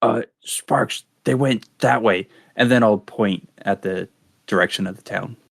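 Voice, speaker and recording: A man playing a tabletop role-playing game, with offhand quick remarks. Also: on the low side, gravelly, dry recording, studio quality. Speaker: player.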